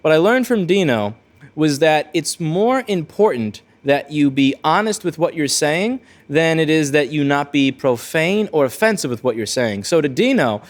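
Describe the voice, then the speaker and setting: A man hosting his own video, telling a rambling, blunt story with frequent restarts. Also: on the high side. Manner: rambling, self-correcting, blunt. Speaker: repair-shop video host. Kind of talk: casual storytelling monologue.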